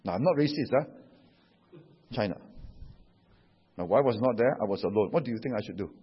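A Singaporean pastor preaching a sermon, telling stories in an animated way and tagging his sentences with "huh?" and "you know". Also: medium pitch, brisk, breathy edge. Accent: Singaporean English. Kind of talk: sermon with anecdotes. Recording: dull echoey hall recording.

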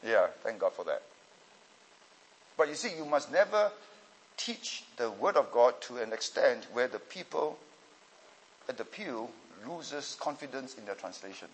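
A man teaching a class on Bible languages and preaching, emphatic and deliberate, often checking in with his listeners. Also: medium pitch, sing-song, breathy edge, rough recording.

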